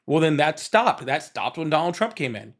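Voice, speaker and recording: Combative higher-voiced male debate host. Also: very animated, normal speed. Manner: combative, interrupting, repeats questions. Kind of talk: heated political debate.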